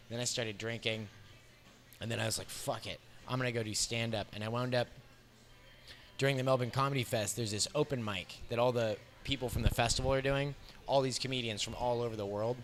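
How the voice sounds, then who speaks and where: A man in his thirties with an American accent, a comedian telling a profane road story in an animated way, laughing often as he talks. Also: medium pitch. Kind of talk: storytelling interview. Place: bar.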